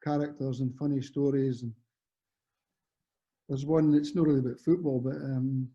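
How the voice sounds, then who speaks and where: In muffled lo-fi audio, a former Scottish footballer in his fifties chats casually as a guest, spinning rambling, self-correcting stories. He speaks at normal speed with a medium-pitched, steady, dark voice.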